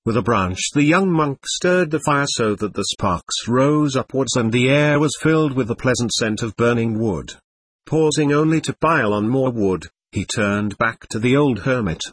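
A man narrating an audiobook in a steady, unhurried storytelling manner. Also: mid-range voice, husky.

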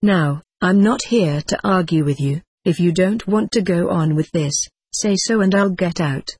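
A blunt, generous middle-aged doctor who speaks his mind plainly, as the reader puts him on. The voice is husky and sits at a middle pitch, recorded close and dry. This is storybook reading, the figure barely set apart from the narrator. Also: unhurried, darkish tone, no room sound. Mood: firm. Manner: forthright, plain-spoken.

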